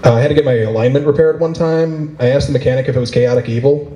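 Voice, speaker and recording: A man performing a stand-up comedy routine for a live convention audience, with a playful, animated delivery. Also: mid-range voice, quick pace, very noisy. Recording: roomy echo of a convention hall.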